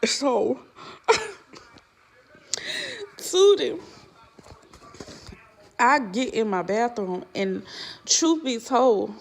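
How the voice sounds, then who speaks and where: A woman's voice: fairly high pitch, big pitch swings, extremely slow, creaky, pauses often, a little hiss or hum. A middle-aged woman vlogger telling viewers a story in casual chat, laughing often as she tells it, exasperated.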